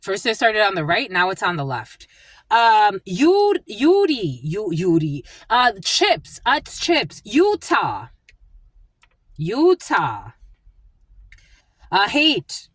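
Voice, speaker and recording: A woman doing a channeled psychic reading, speaking in halting bursts and repeating single words as they come to her. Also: mid-range voice, very animated, dry recording. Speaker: psychic reader.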